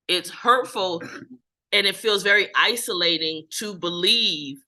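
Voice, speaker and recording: Bright-voiced, calm group facilitator. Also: medium pitch. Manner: calm, reflective and affirming. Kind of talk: support group discussion.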